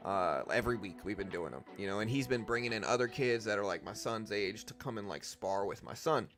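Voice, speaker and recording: A man hosting a live trading stream, talking quickly and casually, thinking aloud with slang like dude and bro, on a desk microphone. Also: fairly low pitch, lively intonation, a bit bright, faint music behind.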